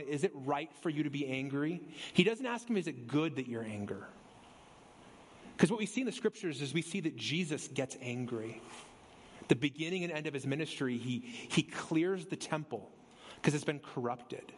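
A male pastor preaching a sermon in a church, speeding up and slowing down for emphasis and rising sharply on key words. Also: medium pitch, slight background noise. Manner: preaching with sweeping shifts of pace and emphasis. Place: church sanctuary.

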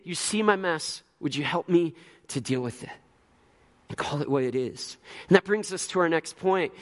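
A man preaching a sermon as a pastor, earnest and conversational, telling personal stories with frequent restarts. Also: high voice.

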